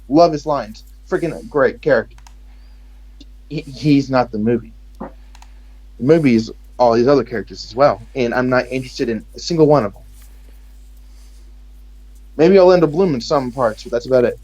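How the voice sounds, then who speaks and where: A man's voice: mid-range voice, darkish tone, poor audio. A man from Texas speaking with an American accent, rambling and joking sarcastically in casual chat.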